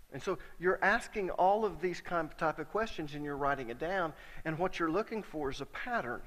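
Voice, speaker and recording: A middle-aged pastor with a high voice preaches a sermon in a large hall. He tells stories conversationally and sometimes gets suddenly loud for emphasis.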